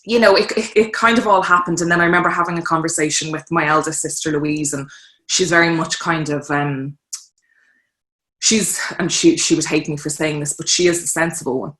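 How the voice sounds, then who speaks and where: An Irish fashion designer in her thirties, appearing as a guest in a casual interview, tells stories in a low-pitched, fairly quick voice. She's a lively storyteller who acts out quotes in different voices, and the recording is reverberant.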